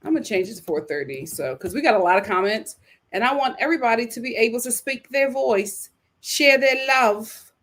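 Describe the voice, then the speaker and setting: A woman hosting a casual livestream, giving animated, opinionated reactions and talking straight to her chat. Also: fairly high pitch, fairly quick. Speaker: livestream host. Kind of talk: casual reality-show review livestream.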